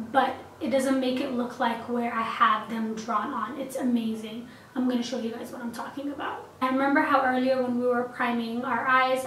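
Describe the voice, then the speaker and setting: A woman's voice: high-pitched, a bit bright. A young woman narrating a makeup tutorial in a chatty, upbeat, gushing way, recorded in a small apartment. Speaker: makeup vlogger. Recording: echoey room, distant mic, faint hiss.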